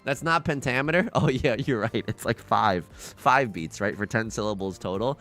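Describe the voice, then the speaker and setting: A young man giving live game commentary to his chat, jokey and animated, often stumbling and repeating words. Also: medium pitch, moderate pace, few pauses, faint music behind. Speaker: streamer.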